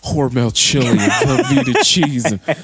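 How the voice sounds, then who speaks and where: A man's voice: medium pitch, moderate pace, a crowd in the background. A man co-hosting a podcast in casual chat, agreeing a lot and chiming in with jokes. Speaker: podcast co-host.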